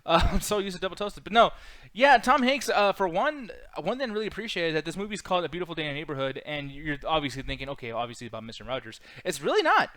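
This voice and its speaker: A man with a high voice hosts a casual livestream chat at a quick clip. He rambles, swears freely and laughs along, recorded dry and close. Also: sing-song, a bit bright, dry recording. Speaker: podcast host.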